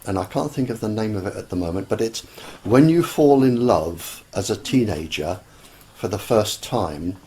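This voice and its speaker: A man, speaking as an interview guest in an earnest, deliberate way with many pauses and fillers. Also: fairly low pitch, expressive, mellow. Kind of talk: slow conversational explanation.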